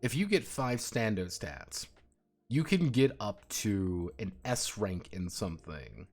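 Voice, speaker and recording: Guy streaming, super lively voice, swears constantly, cracks himself up, some quiet music under it. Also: on the low side, slow pace. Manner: swears freely, laughs hard telling stories. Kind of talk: casual stream chat. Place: home streaming setup.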